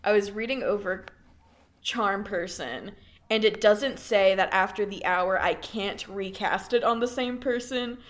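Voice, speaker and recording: A woman's voice: medium pitch, a little slow. Chatty woman player at a tabletop game. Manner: polite, chatty, giggly. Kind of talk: casual tabletop play.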